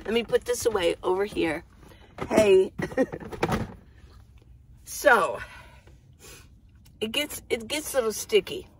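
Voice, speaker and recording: A woman's voice: mid-range voice, animated, slow pace, long pauses, slight background noise, low-quality recording. A middle-aged woman hosting a casual, rambling coffee-chat vlog from her minivan. She laughs often as she talks. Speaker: vlogger. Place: inside a minivan.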